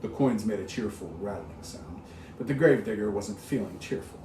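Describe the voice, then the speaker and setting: A man's voice: fairly low pitch, expressive, moderate pace. A man reading a ghost story aloud, dramatic and full of sound-effect words. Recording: roomy, distant mic with faint hiss.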